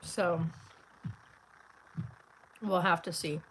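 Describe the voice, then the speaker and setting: A woman's voice: on the low side, steady tone, extremely slow, a bit bright, a little hiss or hum, poor audio. Tired rambling woman vlogger. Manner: rambling, filler-heavy, tired. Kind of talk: casual chat. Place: car.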